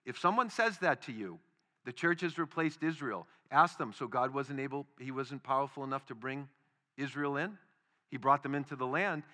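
Male pastor, bright tone, emphatic sermon delivery with big swings in volume. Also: on the high side. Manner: emphatic, rising to loud stresses then dropping quiet.

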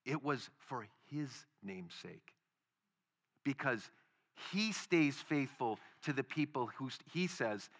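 A man preaching a sermon, emphatic, rising to loud stresses and then dropping quiet. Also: mid-range voice, big pitch swings, a little slow. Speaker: pastor.

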